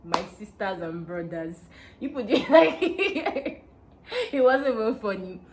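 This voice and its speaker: A young woman from Delta State with a Nigerian accent, telling a casual story to her viewers in an animated, excitable way that often breaks into laughter. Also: mid-range voice, takes it slowly. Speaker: vlogger.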